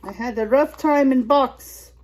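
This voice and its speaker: A woman's voice: high-pitched, measured pace, a little mellow, pitched above the performer's own voice. A woman voicing a put-upon young girl monster doll in a whiny, pleading tone with a made-up accent. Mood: complaining.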